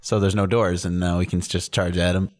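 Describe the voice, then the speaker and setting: A man's voice: low voice, level tone, a little fast, dry recording. A man playing in a tabletop game, blunt and full of clarifying questions. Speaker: player. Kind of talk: casual tabletop game chat.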